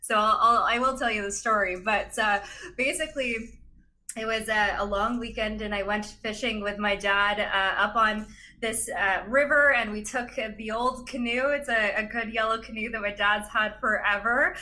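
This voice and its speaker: A young woman, a podcast guest, telling a story in an animated, chatty way with lots of laughs and fillers. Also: medium pitch, moderate pace. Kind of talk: casual storytelling in a chat.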